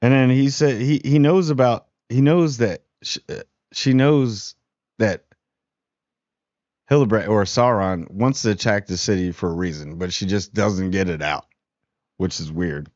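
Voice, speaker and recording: Male TV reviewer, relaxed and slangy, dull lo-fi sound with no room echo. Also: lowish voice, a little slow. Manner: rambling, slangy, laid-back. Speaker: TV show reviewer. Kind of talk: casual spoiler review.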